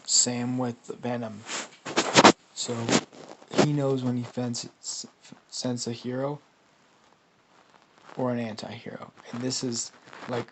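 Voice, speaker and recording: A man's voice: medium pitch, little pitch movement, slow pace, long pauses, very noisy. A sleepless man improvising a fan story, rambling and swearing, full of fillers. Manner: rambling, filler-heavy and profane.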